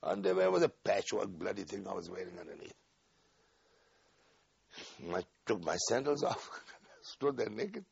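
An older man recalling events in an oral history interview, acting out the dialogue with animated energy. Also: on the low side, unhurried, creaky, pauses often, slightly rough, no room sound, muffled recording. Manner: animated storyteller, acts out dialogue, laughs often.

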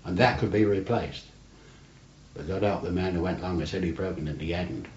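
Speaking low and a little fast, an older man recounts rambling navy stories during an oral history interview, peppering them with "you see". The archival tape sounds roomy and dull, with a faint hiss.

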